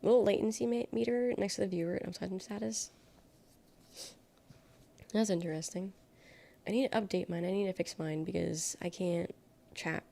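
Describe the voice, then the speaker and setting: A young adult woman talks casually on a live stream, reading messages from her chat and answering them bluntly, with the odd curse thrown in. Her voice has a gravelly, fry-edged texture at a middling pitch. The whole delivery feels loose and conversational. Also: steady tone, moderate pace, long pauses, mellow. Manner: chatty, reads chat aloud and reacts, blunt and swears freely. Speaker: livestreamer.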